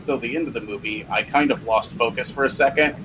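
A man talking casually on a podcast, animated and swearing freely, laughing at himself. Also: mid-range voice, quick pace. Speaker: podcast co-host. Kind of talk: casual chat. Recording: steady background noise.

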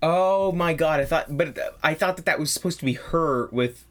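A teenager hosting a casual movie-review podcast, talking excitedly and acting out scenes. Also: medium pitch, moderate pace. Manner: animated, acts out scenes with voices. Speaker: podcast host.

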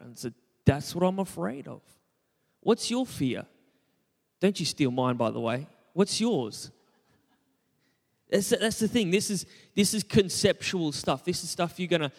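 A man's voice: a little high, big-room sound. A young man preaching a conversational sermon, joking about himself and asking the congregation questions. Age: young adult. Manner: conversational, self-deprecating, asks the congregation questions. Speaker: pastor.

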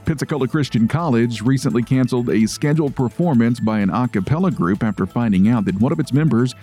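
A man reading a news segment on a radio show in a steady, measured delivery. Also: medium pitch, breathy edge, soft background music.

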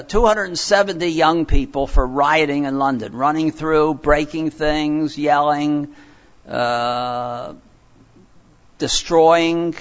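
Older guy preaching, rambly storytelling, lots of uh's, slightly high voice, dull lo-fi recording. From Philadelphia. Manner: rambling, digressive, many fillers and restarts. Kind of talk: sermon with storytelling.

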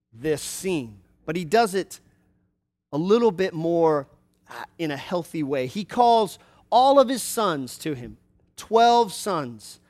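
Male preacher, storytelling sermon, slightly high, casual asides. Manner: explanatory, conversational asides.

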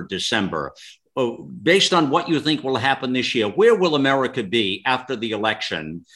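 Guy hosting a radio talk show, agrees a lot, says uh here and there, mid-pitched voice. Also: fairly bright tone. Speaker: radio host. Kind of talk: radio interview.

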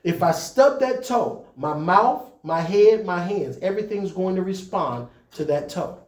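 A man's voice: high-pitched, expressive, unhurried, a little mellow, reverberant. A man preaching to church leaders in a conversational style, climbing to emphatic peaks. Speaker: pastor.

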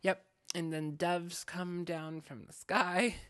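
A woman's voice: fairly low pitch, slow pace, smooth, dry recording. A woman co-hosting a podcast, chatting casually and retelling a story with lots of fillers. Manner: chatty, animated, many fillers. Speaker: podcast co-host.

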